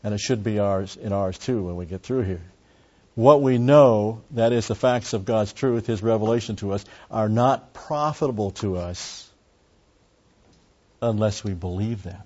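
A man teaching a Bible study speaks unhurriedly, his fairly low voice a little mellow. He examines words closely and repeats key phrases emphatically to drive points home, on a dull lo-fi recording.

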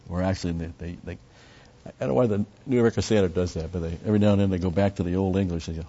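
A man's voice: sits low, racing, dark tone. A man teaching through a Bible passage verse by verse, in a conversational way that explains each word and adds asides. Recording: dull lo-fi sound.

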